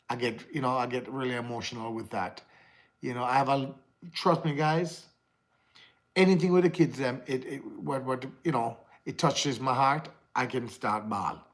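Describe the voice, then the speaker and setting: Speaking at normal speed in a mid-range voice, a livestream host with a Jamaican accent rambles casually to his viewers, drifting into patois.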